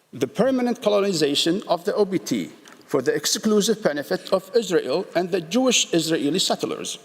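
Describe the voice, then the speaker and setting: A man with a somewhat high voice delivers a formal legal address, reading measured, deliberate sentences and often restarting a phrase. His voice rings out with a long reverb, as in a large formal courtroom hall. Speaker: state representative pleading before an international court. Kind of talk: formal legal address, read from a prepared text.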